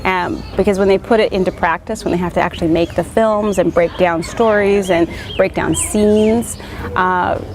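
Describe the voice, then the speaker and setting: A woman's voice: medium pitch, fairly even intonation, moderate pace. A woman who founded an education program, speaking earnestly in an interview. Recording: noisy crowd behind.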